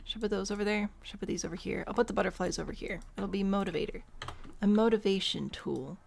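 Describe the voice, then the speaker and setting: A woman's voice: medium pitch, quick pace, creaky, slight background noise. A young woman giving casual, rambling gameplay commentary, thinking aloud and poking fun at herself. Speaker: gameplay host.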